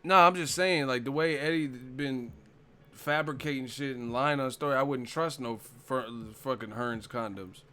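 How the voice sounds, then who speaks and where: Clear and resonant, the man's medium-pitched voice moves at a normal speed with a bright, forceful tone. He hosts a boxing channel's live stream chat, swearing freely and laughing over and over.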